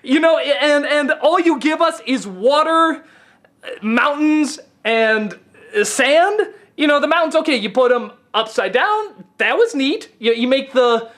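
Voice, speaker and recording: A man giving a casual, profane film review rant, stammering and sarcastic, often getting excited. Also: very high voice, a little slow. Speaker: film critic.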